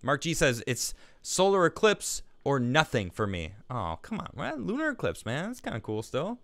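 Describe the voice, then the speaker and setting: A man's voice: mid-range voice, huge pitch swings, normal speed, a bit bright, dry recording. A man hosting a live stream, chatting casually and reading viewer messages aloud, laughing easily and restarting his sentences. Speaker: livestream show host.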